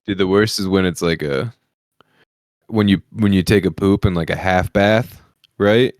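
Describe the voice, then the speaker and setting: A man's voice: deep voice, moderate pace, no echo, studio quality. A man hosting a comedy podcast, telling crude, profane stories in casual chat and laughing often as he talks.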